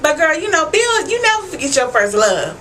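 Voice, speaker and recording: Young woman, fairly high voice, bright and forceful tone, chatty profane recap vlog. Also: very animated, a little fast, slight background noise. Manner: chatty and profane, keeps asking "you know what I'm saying". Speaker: TV recap vlogger. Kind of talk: casual TV episode recap.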